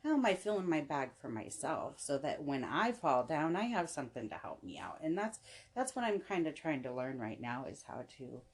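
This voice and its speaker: A woman's voice: deep voice, big pitch swings, moderate pace. A young adult woman, a podcast guest, talking in a rambling, casual way full of restarts and "you know". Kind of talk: casual chat.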